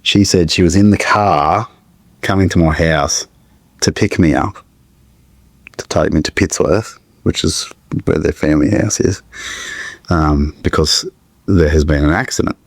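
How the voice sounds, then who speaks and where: A middle-aged man with a very low, gravelly voice tells a painful personal story in a halting way. He often stops, restarts and searches for words. The close recording is dry, with no room echo. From Australia. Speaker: podcast guest.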